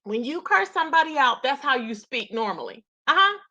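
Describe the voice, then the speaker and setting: This woman's high, pushed, bright voice is very animated and a little fast as she casually comments on a live-stream argument. She's sassy and gossipy, addressing viewers directly as "y'all." The sound is lo-fi with slight background noise.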